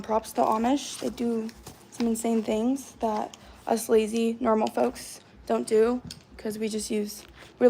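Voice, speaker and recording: A woman's voice: on the high side, vocal fry, slight background noise. A woman in her twenties chatting casually on a livestream from her apartment, rambling and reading out comments with lots of "like" fillers. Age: 20s. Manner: rambling, heavy use of "like" fillers. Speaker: livestream host.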